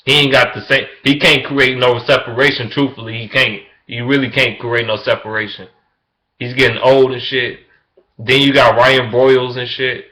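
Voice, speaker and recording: A young man in a casual sports rant, profane and emphatic, repeating himself, jumping from loud excitement to low mutters. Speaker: vlogger. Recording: echoey room.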